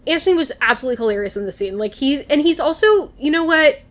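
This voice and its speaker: Gushing young woman, high voice. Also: quick pace, slight background noise. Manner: gushing, animated, swears, laughs often. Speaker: recap vlogger. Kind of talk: casual chat, excited TV recap.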